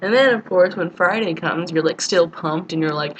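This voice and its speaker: A woman's voice: fairly low pitch, moderate pace, few pauses, a bit bright, muffled recording, slight background noise. A young woman from the United States, chatting casually in a rambling, giggly video diary to a friend. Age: young adult. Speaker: vlogger.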